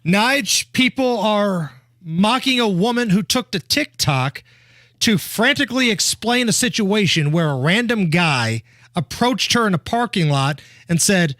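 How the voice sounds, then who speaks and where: A male talk radio host bantering and running a call-in contest, brisk and playful. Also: sits high, lively intonation, a bit bright, dry recording, studio quality. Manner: brisk, playful, laughs often. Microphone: studio microphone.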